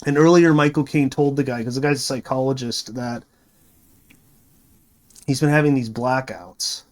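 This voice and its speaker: A man's voice: mid-range voice, fairly even intonation, moderate pace. A man reviewing a movie, retelling the plot in a rambling, casual way full of fillers and restarts.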